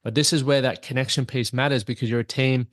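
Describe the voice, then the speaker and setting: A man's voice: mid-range voice, steady tone, fast, no echo, studio quality. A man hosting his own podcast as a coach, talking in an earnest, motivational, conversational way to his listeners. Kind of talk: solo podcast talk.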